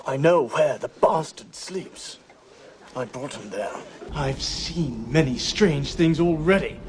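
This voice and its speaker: A frantic young English solicitor whose accent keeps slipping, his voice strained and pitched high. A faint ambient hiss runs under the clip. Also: animated, takes it slowly. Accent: wavering Southern English. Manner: strained, overwrought.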